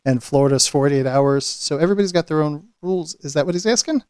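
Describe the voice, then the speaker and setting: A man from New York with a New York accent, hosting a podcast with brisk, upbeat interjections. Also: on the high side, darkish tone, clear, resonant tone, dry recording, studio quality. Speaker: host. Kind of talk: casual podcast chat.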